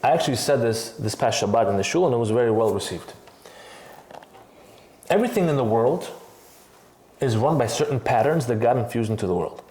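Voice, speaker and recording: A man's voice: mid-range voice, expressive, a little fast, pauses often, darkish tone. Lecturing man in an echoey room. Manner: lecturing, explains step by step with rhetorical questions. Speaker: podcast co-host. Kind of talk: casual podcast discussion.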